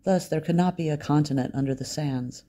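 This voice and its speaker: A man's voice: a little high, a little fast, dark tone, natural voice. Man voicing an eager Italian professor in his sixties. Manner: cheerful, rambling and overeager.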